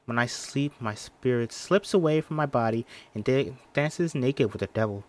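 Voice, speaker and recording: A man's voice: medium pitch, moderate pace, lightly acted. A man reading the part of a defiant teenage Puritan girl, delivering threats in old-fashioned language in his own voice. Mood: menacing.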